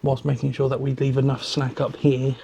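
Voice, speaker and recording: A man's voice: mid-range voice, completely flat delivery, fairly quick, creaky, warm tone, a little hiss or hum. A man explaining motorbike wiring and soldering step by step. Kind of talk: instructional workshop talk.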